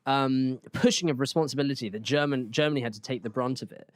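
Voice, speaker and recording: A man's voice: mid-range voice, quick pace, dry recording, studio quality. A young man hosting a casual, comedic history podcast, laughing often as he talks. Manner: giggly, animated, breaks into laughter. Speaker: podcast host.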